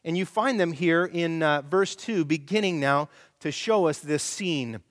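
A middle-aged male pastor preaching a sermon, animated and storytelling, acting out quoted voices. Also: fairly high pitch, a little slow, in a large hall.

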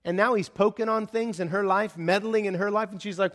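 A man preaching a sermon in a conversational style, acting out the voices of the figures in his story with sudden jumps in pitch and volume. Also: steady tone, fairly quick, few pauses. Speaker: pastor.

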